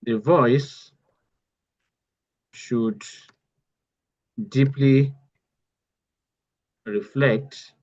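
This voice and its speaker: A man's voice: medium pitch, fairly even intonation, very slow, pauses often, a little mellow. Man teaching step by step, muffled audio. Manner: step-by-step, repeats key phrases. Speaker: AI bootcamp instructor. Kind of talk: live online tutorial.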